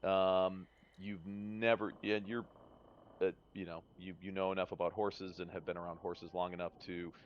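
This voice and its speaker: A man with a low voice narrates as game master, stopping and restarting often. His words come through dull, lo-fi stream audio. The delivery is loose and unscripted. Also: little pitch movement, moderate pace, a little hiss or hum. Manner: hesitant, many fillers and restarts.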